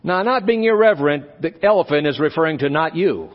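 A male pastor preaching a sermon, animated, acting out little dialogues as he goes. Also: fairly high pitch, fairly quick. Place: church conference hall. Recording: dull live recording in a reverberant hall.

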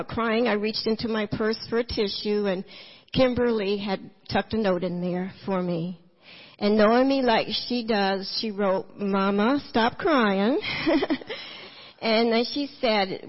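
A middle-aged woman giving a church testimony, storytelling with animated quotes and frequent laughter. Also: mid-range voice. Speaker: guest speaker giving a testimony. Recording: muffled lo-fi church recording.

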